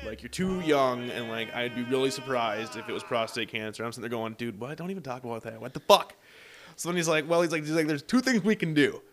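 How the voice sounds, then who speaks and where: A man's voice: medium pitch, quick pace. A young man telling a long story in casual chat, swearing often and acting out what others said. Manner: profane, animated storytelling with acted-out quotes.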